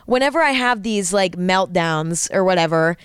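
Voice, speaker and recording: A woman's voice: fairly low pitch, lively intonation, normal speed, smooth, dry recording, clean studio sound. Candid woman musing on a podcast. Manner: candid and reflective, swears freely, keeps asking "right?" and "you know?". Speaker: podcast host. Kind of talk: casual solo podcast talk.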